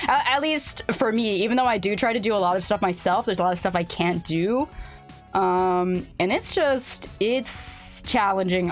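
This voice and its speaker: A young woman streaming live, chatting casually with her viewers, rambling with lots of "like" and laughing often. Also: a little high. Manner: rambling, filler-heavy, laughs often, reads chat aloud. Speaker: VTuber streamer.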